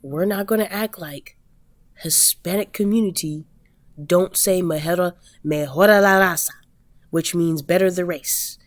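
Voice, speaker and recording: A woman's voice: fairly low pitch, unhurried, no room sound, studio quality. An American woman ranting bluntly and emphatically in a vlog, with frequent swearing. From United States. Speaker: vlogger. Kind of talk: rant.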